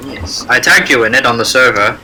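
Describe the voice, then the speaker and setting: A man's voice: mid-range voice, animated, fairly quick, pushed and bright, a little hiss or hum, poor audio. A man chatting on a live stream in an eager, talkative way, asking questions and reading out viewer messages. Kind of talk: casual group chat on a live stream.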